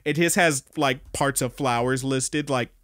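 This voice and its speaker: Young male podcast co-host, mid pitch, dry close mic, excitable and profane. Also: measured pace, no room sound. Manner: excited, laughing, swearing storyteller. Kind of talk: casual anime podcast chat.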